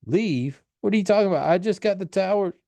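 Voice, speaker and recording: A man's voice: high voice, fairly quick, vocal fry, mellow, no room sound, pitched above the performer's own voice. A man voicing a stubborn, distracted teenage girl who brushes off interruptions. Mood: annoyed. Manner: irritated, dismissive.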